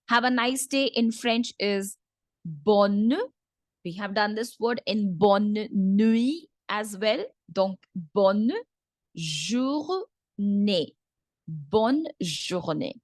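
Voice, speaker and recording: A woman teaching a French lesson in English, patiently repeating each word slowly for learners. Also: fairly high pitch, a bit bright, no room sound, clean studio sound. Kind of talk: online language lesson.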